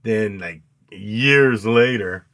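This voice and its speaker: A man co-hosting a casual movie review chat, retelling scenes with loud acted-out outbursts and plenty of swearing. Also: on the low side, drawn-out words. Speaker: podcast co-host.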